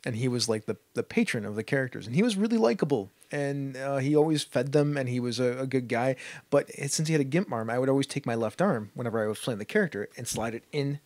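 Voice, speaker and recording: A man co-hosting a casual tabletop-gaming podcast, telling anecdotes in a quick, offhand and enthusiastic way. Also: mid-range voice, animated, darkish tone, dry recording. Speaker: podcast co-host.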